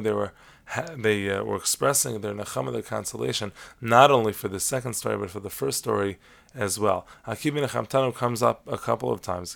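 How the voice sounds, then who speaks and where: Male Torah teacher, mid-pitched and heavily gravelly, measured explanatory delivery with Hebrew terms mixed in. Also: fairly bright tone. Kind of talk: lecture-style lesson on Talmud stories.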